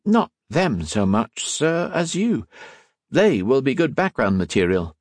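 A man voicing a polite, clever young gentleman in a storybook reading, earnest and eager. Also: medium pitch, very animated, measured pace, no echo, clean studio sound, pitched above the performer's own voice. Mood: persuasive.

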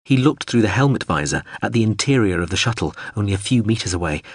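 Low, husky male audiobook narrator. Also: quick pace, no room sound, clean studio sound. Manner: steady, dramatic reading of an action scene.

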